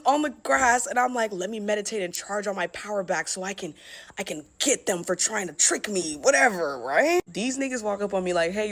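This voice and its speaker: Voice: medium pitch, a bit bright. A speaker telling a personal story in a candid, casual way, swearing often and laughing at themself.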